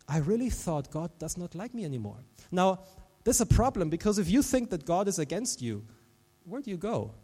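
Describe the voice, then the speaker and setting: A man preaching a sermon, his voice on the higher side for a man and carrying a long reverb through the hall. He delivers the sermon animatedly, swinging from quiet, hushed passages to loud, emphatic ones. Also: very animated, fairly quick, hardly any pauses, slightly rough. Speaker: pastor.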